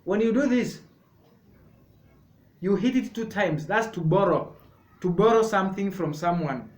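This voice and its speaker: A man leads a sign language lesson in a slightly raised voice. He talks very slowly, repeating each word as he explains. The echoey room gives his voice a hollow ring. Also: high voice, lively intonation. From Kenya. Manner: slow, repetitive, explaining step by step.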